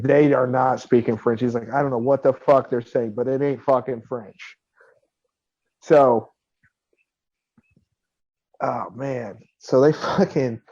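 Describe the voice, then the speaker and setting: A man's voice: mid-range voice, darkish tone, lo-fi sound. A man co-hosting a podcast, telling a long profane anecdote in casual chat and laughing as he quotes the people in it. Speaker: podcast co-host.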